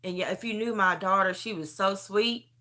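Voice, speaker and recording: Middle-aged woman, host of a testimony live stream; sharp bright tone, animated and emotional storytelling, close to tears. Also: mid-range voice, normal speed. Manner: animated storytelling, calls the listener "beauty". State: near tears. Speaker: host sharing a personal testimony.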